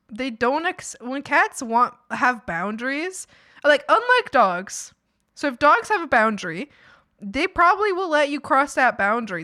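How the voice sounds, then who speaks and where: A woman's voice: a little high, pushed and bright. A woman streamer chatting casually with her viewers, rambling with lots of fillers and frequent laughs.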